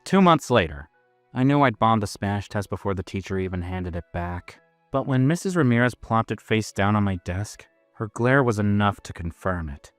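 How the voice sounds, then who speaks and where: A man's voice: fairly low pitch, animated, normal speed, no echo, faint music behind. A man narrating a story in the first person, in a casual, self-mocking manner.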